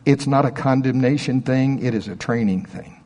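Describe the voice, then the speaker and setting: A man's voice: medium pitch, normal speed, darkish tone, long reverb tail. Middle-aged male pastor, mid-range voice, chatty sermon with asides and questions. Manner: conversational storytelling with asides and rhetorical questions.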